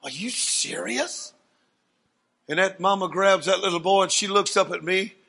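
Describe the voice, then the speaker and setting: A man preaching a sermon as a dramatic story, swinging from hushed asides to loud declarations. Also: sits high, fairly even intonation, brisk, creaky.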